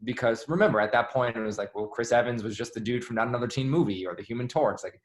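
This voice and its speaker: A man being interviewed, telling stories in a chatty, animated way with lots of "like". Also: medium pitch, fast. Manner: chatty, animated, heavy use of "like". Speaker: interview guest, former assistant. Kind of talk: casual storytelling interview.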